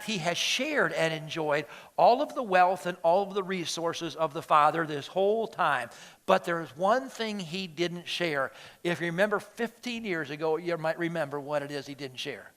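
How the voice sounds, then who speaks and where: A middle-aged male pastor preaching a sermon, telling a story with lively acted-out quotes. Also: on the high side. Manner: animated storytelling, acting out quoted voices.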